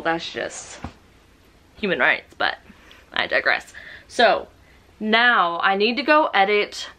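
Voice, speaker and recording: A young woman from the United States chatting casually in a book vlog, excitable and self-mocking. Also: mid-range voice. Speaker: book vlogger.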